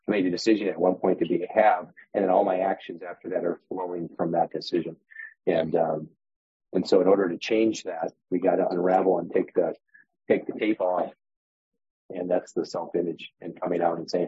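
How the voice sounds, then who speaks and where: A man guesting on a real estate podcast speaks animatedly in a low, mellow voice with a breathy edge, fairly even intonation and a moderate pace. He acts out voices, inner voices and examples, using props as metaphors. The dry recording has a dull, muffled podcast sound.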